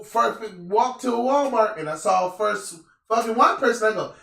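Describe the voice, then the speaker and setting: A young man with a high, lively voice tells stories in a casual chat, swearing often and mimicking the people he meets. He sounds set back from the microphone, with a roomy echo around him. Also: normal speed, vocal fry, hardly any pauses. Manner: animated, profane, acts out quoted people. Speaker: podcast host. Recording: roomy echo, distant mic.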